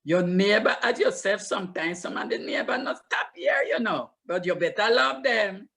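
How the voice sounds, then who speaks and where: An older woman storyteller from Limón, Costa Rica, speaks with a Limón Creole English accent, animatedly recounting her childhood memories and repeating words for emphasis. Her voice is medium-pitched and creaky, and she talks at a moderate pace.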